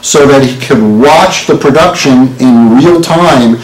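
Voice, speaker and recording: A man's voice: medium pitch, takes it slowly, a crowd in the background. A man in his sixties, a lawyer giving a live talk, joking and quizzing the audience. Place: meeting hall with an audience. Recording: roomy hall with faint noise.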